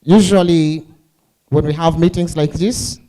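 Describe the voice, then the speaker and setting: Man as emcee, mellow tone, joking with the audience. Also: on the high side, fairly even intonation, unhurried, low-quality recording. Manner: playful, teasing, asks the crowd questions. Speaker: master of ceremonies.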